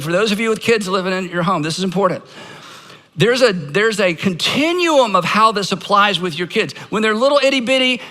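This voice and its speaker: A man's voice: sits high, sharp tone, long reverb tail. A man preaching a sermon to a live congregation, emphatic and leading them in practicing lines aloud. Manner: emphatic, leads congregation in call-and-response practice. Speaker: pastor.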